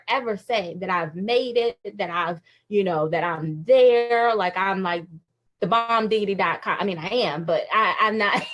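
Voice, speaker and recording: High-voiced woman in her thirties, emotional. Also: fairly bright tone. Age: 30s. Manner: emotional, confessional, laughs often. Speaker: faith livestream speaker. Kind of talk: candid inspirational talk. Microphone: phone livestream.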